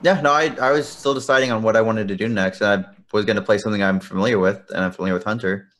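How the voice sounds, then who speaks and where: A man chatting on a casual gaming podcast, relaxed and laughing often. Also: fairly low pitch, very fast. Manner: laid-back, laughs often. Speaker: podcast co-host.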